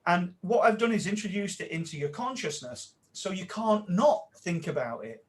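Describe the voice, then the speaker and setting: A man with a slightly higher voice, talking as a mindset coach on a podcast. He speaks with animated energy and sinks to a hushed tone when he acts out someone's inner voice. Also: moderate pace. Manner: animated, drops to a quiet voice when quoting self-talk. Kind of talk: casual podcast interview.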